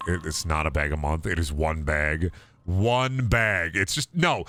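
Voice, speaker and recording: A young man streaming a game, rambling in a self-mocking way and swinging into loud mock outrage. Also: lowish voice, slight background noise. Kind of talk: casual gaming stream chatter.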